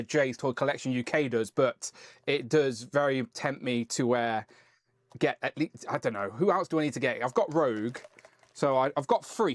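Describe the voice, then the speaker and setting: A man's voice: mid-range voice, dry recording. A man hosting a casual live stream, chatting and rambling as he reads out viewer messages.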